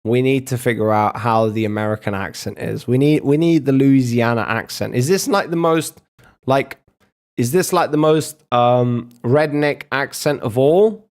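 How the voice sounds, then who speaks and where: A man's voice: medium pitch, normal speed, darkish tone. A young man streaming and reacting to videos in casual, profane banter, joking around and trying out accents.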